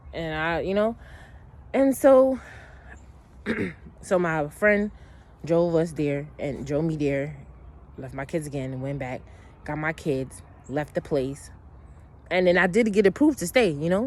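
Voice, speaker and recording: In a deep, darkish voice, a woman delivers a long, casual monologue about her own life. Her telling is blunt, emotional, and full of swearing, wandering through restarts and side remarks.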